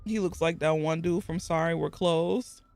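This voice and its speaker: A woman's voice: lowish voice, normal speed, vocal fry, faint music behind. A woman streamer giving playful, joking commentary while playing a game. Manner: playful, joking, animated asides. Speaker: gaming streamer. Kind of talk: casual let's-play commentary.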